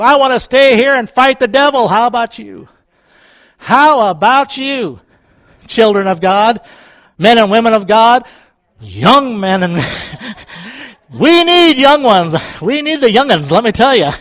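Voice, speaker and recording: A male pastor with a notably high voice delivers a fervent, repetitive sermon and calls out to his congregation. He chuckles often and sometimes sinks into a soft, low voice. The sound is dry, with no room echo.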